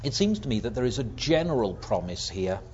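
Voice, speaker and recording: A man preaching a sermon, swinging from loud emphatic lines to hushed, near-whispered ones. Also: mid-range voice, sing-song, fairly quick, highs cut off, slight background noise.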